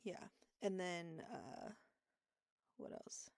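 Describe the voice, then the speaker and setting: A young woman with a low, gravelly voice tells a story on a podcast. She rambles, with plenty of fillers and laughter. The sound is dry and close. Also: huge pitch swings, extremely slow, a little mellow, no echo. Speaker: podcast co-host. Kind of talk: casual storytelling chat.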